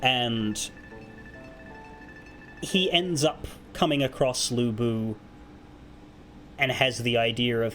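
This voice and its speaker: A man retelling a story to his stream in a casual, profane, animated way. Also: mid-range voice, slow, pauses often, soft background music.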